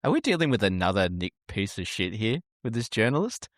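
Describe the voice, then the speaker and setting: A man's voice: on the low side, sing-song, brisk. A man co-hosting a true crime podcast, bantering with crude remarks. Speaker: podcast co-host. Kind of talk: casual true crime chat.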